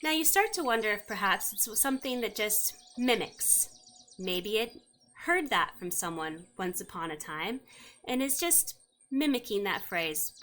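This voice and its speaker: A woman's voice: medium pitch, animated, measured pace, pushed and bright, a little hiss or hum. A woman narrating a tabletop game as game master, with wry asides to the players.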